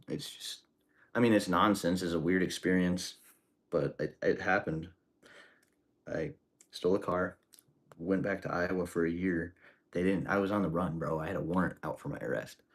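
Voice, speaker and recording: A man's voice: deep voice, steady tone, normal speed, breathy edge. A man streaming as he cooks, telling rambling stories in casual, profane slang. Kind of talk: casual storytelling while cooking.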